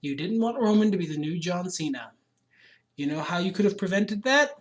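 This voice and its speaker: A man's voice: high voice, animated, brisk. A man co-hosting a podcast in casual chat, opinionated and ranting, swearing freely. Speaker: podcast co-host.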